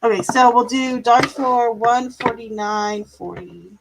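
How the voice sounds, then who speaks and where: A woman's voice: fairly high pitch, measured pace, very noisy. A woman doing tarot readings on a live stream, chatty, laughing now and then, drawing out her words. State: yawning, a bit tired. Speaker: tarot reader.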